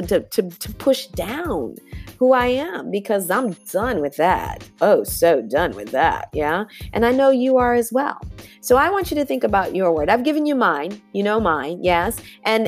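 A woman hosting a podcast, giving an emphatic motivational monologue and calling her listeners y'all. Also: medium pitch. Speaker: podcast host.

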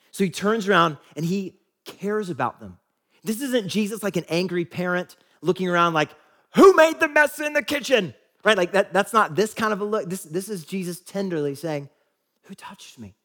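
A pastor giving a sermon in a casual, conversational way, often asking "right?" and acting out quoted lines. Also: male voice, sits high, a bit bright.

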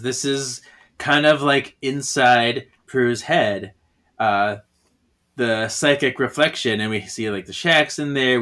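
Bright, playful man who laughs a lot. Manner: laughs often, acts out lines with big pitch jumps. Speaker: podcast co-host. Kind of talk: casual chat about a comic.

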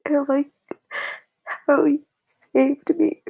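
A young woman vlogger talking to her viewers in a tearful, halting way, with a blocked, nasal voice and many pauses and fillers. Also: high voice, little pitch movement, creaky, darkish tone, rough recording. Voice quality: congested, nasal. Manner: halting, whispery and hesitant, full of fillers. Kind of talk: emotional personal talk to viewers.

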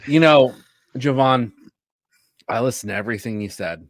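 A man's voice: mid-range voice, moderate pace, no room sound. A man co-hosting a wrestling podcast, talking in blunt, profane, joking banter. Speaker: podcast co-host.

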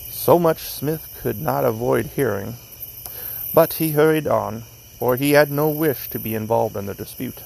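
A man reading a classic story aloud at an unhurried pace, outdoors in a cemetery at night, correcting small slips as he goes. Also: mid-range voice, gravelly, a little mellow, slight background noise, low-quality recording. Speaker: narrator.

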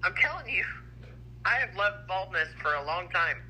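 A woman's voice: fairly low pitch, expressive, normal speed, crowd noise, low-quality recording. A woman calling in to a live stream, talking in an effusive, affectionate way. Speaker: caller. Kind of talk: casual call-in chat.

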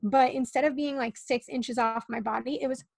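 High, gravelly young woman telling her story. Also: fairly even intonation, normal speed, a little mellow, no room sound. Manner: tumbling, earnest, many likes and ums. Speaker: podcast guest. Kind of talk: casual storytelling on a podcast.

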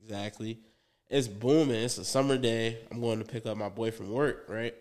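Steady and darkish, on the low side, the young man speaks at normal speed. Co-hosting a podcast, he rambles through a story in casual, profane slang with plenty of fillers and asides.

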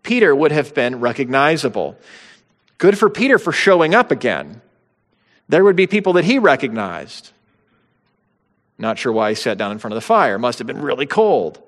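A man delivers a sermon from a church hall, his mid-range voice trailing off into a long reverb. He teaches in a conversational way and breaks into lively, dramatic quotation. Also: medium pitch, normal speed, pauses often. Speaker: pastor.

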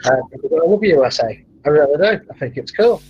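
A man's voice: fairly high pitch, lively intonation, fast, darkish tone, breathy edge. A man chatting casually on a podcast, rambling and telling stories with animation. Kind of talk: casual chat. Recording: dull lo-fi sound.

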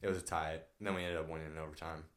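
A young college athlete on a podcast, telling a story in a relaxed way and saying "like" a lot. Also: male voice, rumbling low, racing, reverberant. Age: young adult. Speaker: guest, college basketball player. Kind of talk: casual storytelling.

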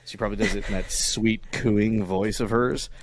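A man's voice: lowish voice, steady tone, moderate pace, a little hiss or hum. A young man in casual podcast chat, crude and joking, often cursing. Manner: crude, joking, jumps into loud mock voices. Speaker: podcast co-host.

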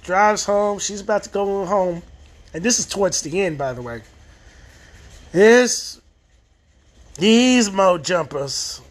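Recapping a show episode loosely and casually, a high-voiced male reviewer wanders through his account. He frequently backs up to redo a phrase and performs the quoted dialogue.

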